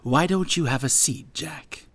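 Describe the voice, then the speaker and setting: A man voicing an elderly, genteel male rat doctor who speaks in a slow, friendly and knowing way. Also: fairly high pitch, gravelly, fairly bright tone, voice pushed up, exaggerated voice. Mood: kindly.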